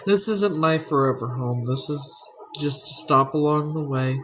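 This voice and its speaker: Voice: mid-range voice, measured pace, fairly bright tone, slight background noise, poor audio. A vlogger talking frankly and reflectively at home, swearing freely about their past. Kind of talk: candid personal vlog talk. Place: at home indoors.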